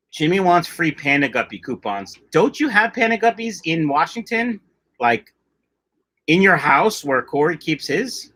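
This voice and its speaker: Sing-song and fairly high, his bright, forceful voice moves at a slow pace with frequent pauses. He's a middle-aged fish-keeping streamer who chats loosely, reads comments jokingly, and drifts from the subject.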